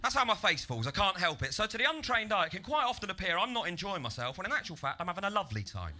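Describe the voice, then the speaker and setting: A man doing a stand-up comedy set on a comedy club stage into a handheld mic, with deadpan setups that burst into loud, ranting act-outs. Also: high voice, quick pace, slight background noise.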